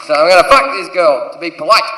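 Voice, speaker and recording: A man's voice: on the high side, expressive, fast talker, background noise. A man in his thirties with an Australian accent, doing a crude stand-up routine on a theatre stage and acting out the voices in his story. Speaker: stand-up comedian. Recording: echoey theatre from a distance.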